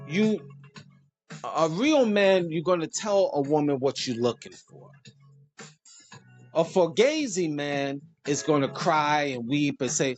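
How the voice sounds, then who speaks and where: A man hosting a casual monologue, preachy and animated, joking and laughing at his own lines. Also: a little high, takes it slowly, faint music behind. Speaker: host.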